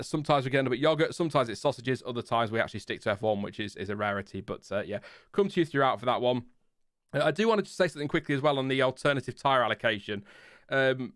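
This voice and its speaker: This Lincolnshire man, an F1 channel host with the local accent, has a mid-range, fairly bright, clear and resonant voice. He's hosting a casual live F1 chat stream, rambling, restarting sentences and chuckling at his own tangents. The recording is dry with clean studio sound.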